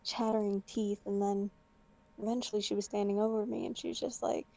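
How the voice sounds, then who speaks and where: A woman's voice: mid-range voice, little pitch movement, fairly quick, mellow. A woman playing a tabletop game, chattily recounting her character's dream. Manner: chatty, lots of "I'm like" quoting. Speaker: player.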